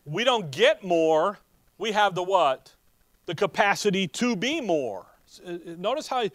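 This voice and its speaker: A man preaching a sermon with lively emphasis, often asking the congregation rhetorical "what?" questions. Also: sits high, measured pace, no echo. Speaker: pastor.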